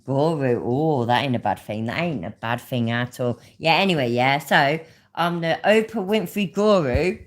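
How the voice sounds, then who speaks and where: A woman's voice: very deep voice, lively intonation, moderate pace. A woman giving casual, sweary reaction commentary while reading her chat. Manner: swears a lot, laughs, talks to the chat. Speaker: commentary streamer.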